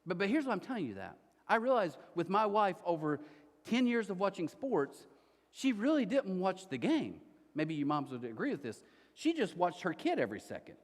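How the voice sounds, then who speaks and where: A man in his forties preaches to a church congregation, with a somewhat high voice that swings up and down with a lot of life. He tells family stories and acts out other people's lines as he speaks. His voice trails off into the long reverb of a large hall. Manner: animated storytelling, acts out quotes. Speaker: pastor. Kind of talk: sermon.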